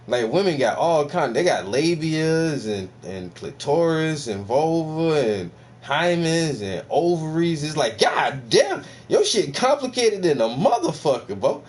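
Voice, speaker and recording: A man's voice: a little high, very animated, a little slow, hardly any pauses. An American man riffing profanely and mockingly on a podcast clip, laughing often as he rants. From United States. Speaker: video commentator reacting to a podcast clip. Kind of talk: casual profane reaction rant.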